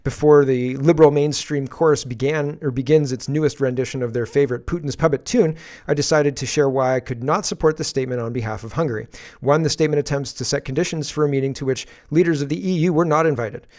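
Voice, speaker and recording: A man's voice: medium pitch, fast, darkish tone. A man hosting a daily political commentary livestream, reading posts aloud with sarcastic asides and frequent laughs.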